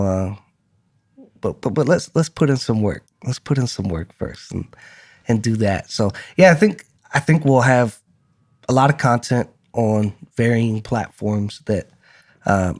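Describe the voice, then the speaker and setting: A man co-hosts a podcast in loose, friendly chat, his voice sitting a little on the low side. He talks with energy and often trips into repeated words before landing his point. Laughter slips in between his thoughts. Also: unhurried, a little mellow. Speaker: podcast co-host. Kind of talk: casual chat.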